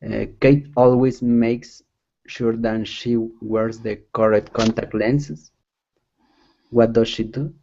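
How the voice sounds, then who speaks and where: A man answering as a student in an online English class, halting and unsure. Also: mid-range voice, steady tone, warm tone, lo-fi sound. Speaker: language student.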